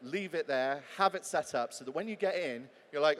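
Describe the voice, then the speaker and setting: At a large talk venue with long hall reverb, a man gives a live talk as a voice actor, chatty and joking as he acts out example readings. His voice is on the high side, at normal speed.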